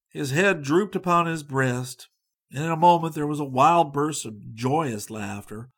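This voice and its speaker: A man narrating a storybook in an expressive, varied reading. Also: a little high, measured pace, slightly rough.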